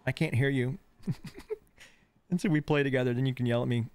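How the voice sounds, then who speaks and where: In a dry recording, a man's clean, mid-range, slightly mellow voice moves briskly through live gameplay commentary. Dental work has cost him his front teeth, causing a slight lisp, and the painkillers leave him rambling, distractible, and giggly.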